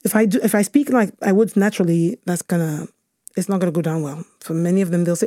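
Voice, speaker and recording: A woman's voice: fairly low pitch, fast talker, dark tone, no echo, clean studio sound. A researcher from Cameroon, a woman, answering interview questions thoughtfully, with many fillers and restarts. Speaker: researcher guest.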